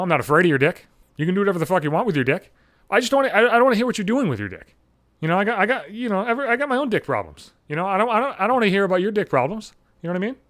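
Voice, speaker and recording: A man's voice: on the high side, a bit bright, no echo, clean studio sound. A man telling a story as a vlogger in a profane, rambling comic rant, swearing constantly and repeating himself.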